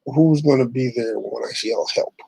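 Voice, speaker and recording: A man's voice: mid-range voice, moderate pace, creaky, dark tone, slightly rough, no echo, low-quality recording. A middle-aged man hosting his own online show, ranting bluntly and profanely, rambling with restarts. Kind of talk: casual ranting monologue.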